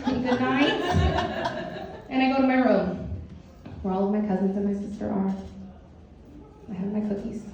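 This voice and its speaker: A woman spins a comic story from her own life, animated and ready to laugh at herself. Her voice rings out in a big echoey room and sounds distant and a little dull. A faint hiss sits underneath. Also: mid-range voice. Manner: animated, self-mocking, casual. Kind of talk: first-person comic storytelling.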